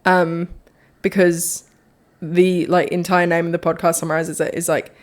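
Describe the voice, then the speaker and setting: A woman's voice: on the low side, flat delivery, moderate pace. A young woman hosting a solo faith podcast, talking in a rambling, chatty way and laughing at herself. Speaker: podcast host. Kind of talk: casual solo podcast reflection.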